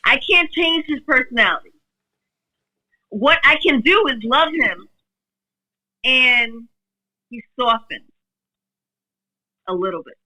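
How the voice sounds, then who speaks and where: Woman with a really high, sharp voice cutting in on a podcast argument. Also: lively intonation, slow, pauses often, low-quality recording. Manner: interjecting, pushes to get a word in. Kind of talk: heated casual podcast debate.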